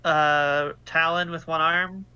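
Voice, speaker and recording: A man's voice: a little high, steady tone, slow pace, bright, forceful tone, clean tone, dry recording. A man playing a tabletop role-playing game who talks hesitantly, with many restarts. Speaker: player. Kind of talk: tabletop role-play chat. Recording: dull lo-fi audio.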